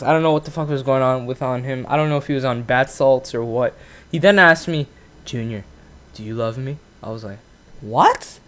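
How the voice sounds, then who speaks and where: Teen boy, channel host, cursing, rambling, filler-heavy, higher-pitched voice. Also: smooth. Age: teenager. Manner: profane, ranting, lots of fillers. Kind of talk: casual storytelling commentary.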